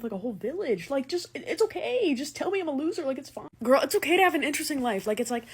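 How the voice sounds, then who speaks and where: A woman's voice: sits high, sing-song, very fast, hardly any pauses, darkish tone, a little hiss or hum. A young woman delivering a sarcastic comedic rant with exaggerated shifts in tone. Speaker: comedy content creator.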